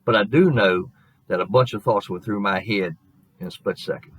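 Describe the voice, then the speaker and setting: A middle-aged man preaching as a pastor, hoarse and losing his voice, telling a folksy, earnest story in his sermon. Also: on the low side, normal speed, fairly bright tone, no echo, low-quality recording.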